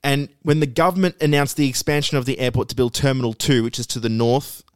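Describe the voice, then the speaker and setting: A man's voice: medium pitch, steady tone, quick pace, clear, resonant tone, dry recording. A man talks through a topic on a casual podcast, patiently explaining point after point. He often restarts and repeats words as he goes. His voice sits in a middle range and the recording is close and dry. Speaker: podcast co-host presenting a segment.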